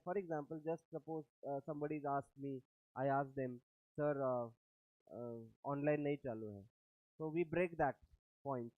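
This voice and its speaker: A man's voice: on the high side, no room sound. Indian-accented male lecturer, tinny recording. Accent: Indian English. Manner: explains step by step, asks "do you understand?". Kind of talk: classroom lecture.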